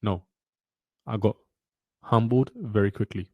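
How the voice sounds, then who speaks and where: A man's voice: lowish voice, unhurried, no echo, highs cut off. A young man teaching a trading webinar. He is blunt and preachy, speaks with passion and repeats lines for emphasis. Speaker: trading mentor. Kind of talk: motivational webinar lecture.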